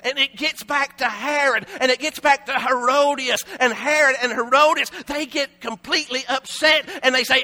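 High-voiced, bright Appalachian preacher. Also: male voice, moderate pace, few pauses. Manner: dramatic storytelling, swings from shouting to low hushed tones. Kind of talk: sermon.

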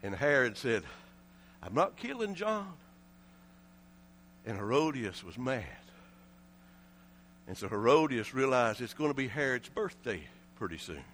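A man with an Appalachian accent preaching a sermon, telling the story dramatically, swinging between shouting and low hushed tones. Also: expressive, moderate pace, slight background noise.

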